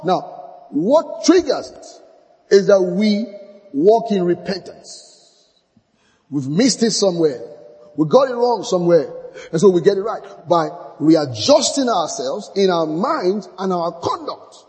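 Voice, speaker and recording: A man preaching in a high voice that swings widely up and down. He hammers points home by repeating key phrases, and the voice rings with a long hall reverb. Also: darkish tone. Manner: acts out church members in short dialogues. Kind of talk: sermon.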